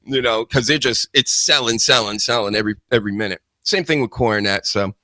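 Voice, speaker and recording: A man hosting a wrestling podcast, talking in a bright, forceful voice. He rants with sarcasm and his pitch leaps up when he mocks people. The sound is dry and close to the mic. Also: brisk, no echo. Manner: ranting, sarcastic, jumps high when mocking others. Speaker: podcast host. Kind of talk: casual wrestling podcast chat.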